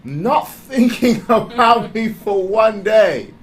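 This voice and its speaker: A man giving a candid motivational talk, animated and confessional, often breaking into laughter. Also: sits high, slow, poor audio. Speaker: speaker.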